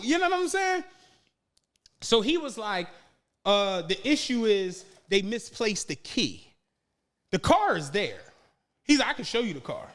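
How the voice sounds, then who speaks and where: A podcast co-host with a high voice tells a long, profane story at an unhurried pace, pausing often. He's animated and acts out the people in it, in a casual storytelling chat.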